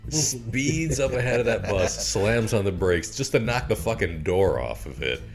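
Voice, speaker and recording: A man's voice: lowish voice, lively intonation, moderate pace, soft background music. A man co-hosting a casual movie review podcast, cursing freely and acting out quotes from the film. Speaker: podcast co-host.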